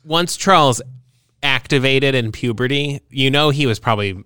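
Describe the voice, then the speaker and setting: A podcast co-host chats casually, rambling with plenty of filler words and crude jokes. His mid-range voice moves at a normal speed, sounding pushed, bright, clear and resonant. The recording is dry and studio quality.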